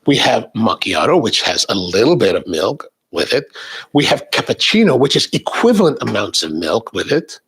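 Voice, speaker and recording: A man's voice: fairly low pitch, very animated, normal speed, fairly bright tone, breathy edge. A stuffed-up man hosting a casual live coffee show, chatting straight to his viewers. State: stuffed-up sinuses. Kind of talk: casual live-stream chat.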